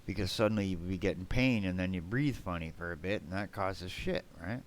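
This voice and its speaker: A man's voice: low-pitched, brisk, slight background noise. A man streaming a game live, rambling bluntly to his chat, swearing and tagging his remarks with "man" and "right?". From Canada.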